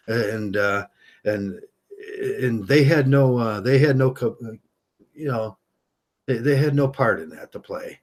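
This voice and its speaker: A man talking through a rambling opinion monologue to camera, halting with many restarts. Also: medium pitch. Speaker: vlogger.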